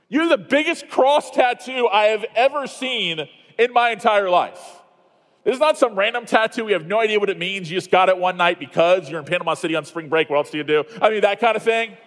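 A man from Iowa speaking at a conference, telling a self-mocking story that turns into a sermon, with quick asides and restarts. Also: sits high, animated, a bit bright, big-room sound. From Iowa, USA.

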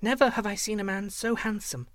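A man's voice: high voice, steady tone, a little fast, fairly bright tone, dry recording, pitched above the performer's own voice. A man voicing a shy, eager little slave girl in a read-aloud fairy tale. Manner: simple, eager.

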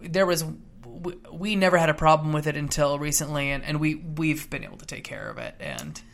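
A man's voice: on the high side, lively intonation, normal speed, creaky, fairly bright tone. A man co-hosting a podcast in casual chat, joking and rambling, often tripping over his words. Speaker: podcast co-host. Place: apartment.

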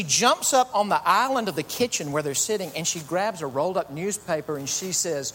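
Pastor guy chatting through a sermon, kinda high voice, echoey church hall, low hum behind. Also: lively intonation, fairly quick, hardly any pauses, fairly bright tone. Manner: conversational storytelling, chatty asides. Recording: long reverb, faint hum.

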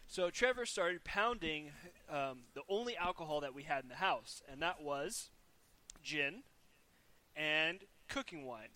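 A man's voice: fairly high pitch, lively intonation, measured pace, bright, forceful tone. A man casually telling stories as the older brother, profane and laughing often. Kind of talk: casual chat.

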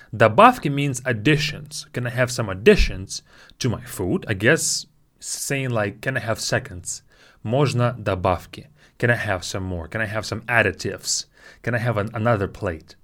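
Man, language teacher, animated up-and-down voice, patient, repeats phrases slowly, talks into his own mic. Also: medium pitch. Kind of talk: spoken language lesson. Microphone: own microphone.

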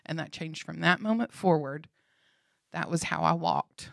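A woman co-hosting a faith podcast, telling a personal story with lively acted-out dialogue and frequent laughter. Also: sits low, a little slow, creaky, no echo, studio quality. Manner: animated storyteller, acts out dialogue, laughs often. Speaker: podcast co-host.

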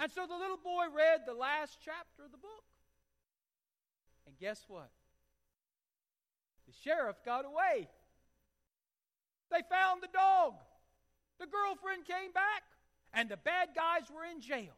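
A man preaching a sermon with impassioned delivery that swells to loud, emphatic peaks. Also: very high voice, animated, takes it slowly, pauses often. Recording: long hall reverb.

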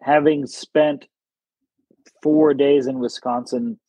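A man's voice: medium pitch, fairly even intonation, takes it slowly, dark tone, slightly rough, no room sound. A man talking as a podcast guest in casual chat, blunt and matter-of-fact.

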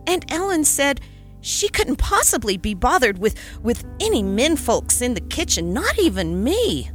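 A woman's voice: sits high, animated, normal speed, a bit bright, faint music behind, voice pushed up. A woman voicing an eager, earnest young boy in a storybook reading.

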